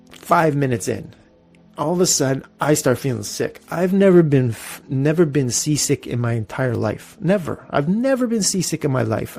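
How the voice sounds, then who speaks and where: Gravelly-voiced man telling a story. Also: medium pitch. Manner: animated, profane storytelling with laughs. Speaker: podcast host. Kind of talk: casual storytelling.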